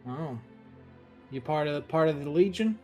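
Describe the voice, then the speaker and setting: A man bantering crudely at a game table in a slightly high voice, teasing and joking between turns. Soft music sits behind him. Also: lively intonation, measured pace. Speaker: player. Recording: faint background music.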